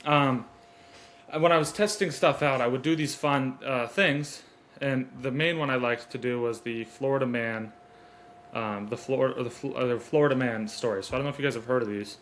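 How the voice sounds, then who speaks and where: A man talks straight into a desk mic on a stand, hosting his own podcast. He moves from earnest motivational lines to loose, rambling chat. His voice sits at an ordinary middle pitch over a faint background hiss. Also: normal speed, fairly bright tone. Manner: earnest, rambling, fixes gear mid-recording. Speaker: podcast host. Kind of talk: solo motivational podcast talk.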